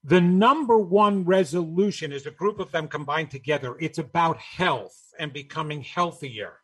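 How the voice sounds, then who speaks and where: A man's voice: fairly high pitch, moderate pace, a bit bright, slightly rough. A man giving a motivational talk, emphatic and rhetorical, repeating his key phrases and asking the listener questions. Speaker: speaker on New Year's resolutions.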